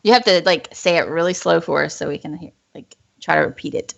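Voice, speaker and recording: A woman hosts a casual group stream over a voice call and talks in a loose, rambling, giggly way. Her voice has a gravelly fry, and the call audio sounds dull and lo-fi. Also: on the low side, fairly quick, a little hiss or hum. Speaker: stream host. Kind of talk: casual group livestream chat.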